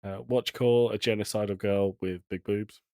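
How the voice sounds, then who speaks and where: A British man co-hosting a podcast in casual chat, telling jokes in a deadpan way. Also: fairly low pitch, brisk, no room sound, clean studio sound. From Britain. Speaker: podcast co-host.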